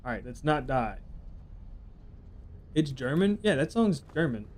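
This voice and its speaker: A man's voice: medium pitch, very animated, unhurried, darkish tone. A young man streaming a game, chatting casually, joking and swearing while he rambles and reacts to chat. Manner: rambling, profane, reads chat aloud and jokes. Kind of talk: casual live gameplay commentary.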